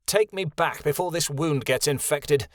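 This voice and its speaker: A man's voice: fairly high pitch, a little slow, no echo, clean studio sound, natural voice. A man voicing a cruel, callous man who speaks in a cold, dismissive way.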